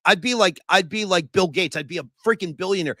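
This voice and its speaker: A man's voice: high voice, fairly quick, pushed and bright, no room sound. A man co-hosting a sports podcast, talking loosely and joking, swearing casually. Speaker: podcast co-host.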